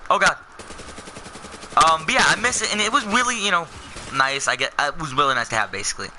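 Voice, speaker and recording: A man's voice: on the high side, lively intonation, quick pace, sharp tone, slight background noise, low-quality recording. A young man telling a personal story in a casual, rambling way, full of fillers and self-corrections. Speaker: vlogger.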